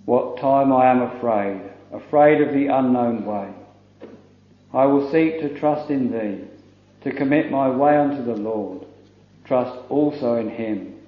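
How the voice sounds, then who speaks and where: A man preaches a slow, solemn sermon and leans into scripture in archaic phrasing. His voice sits in a middle register. It was recorded in an echoey church on dull, lo-fi old tape. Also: medium pitch. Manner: solemn, measured preaching with King James quotations.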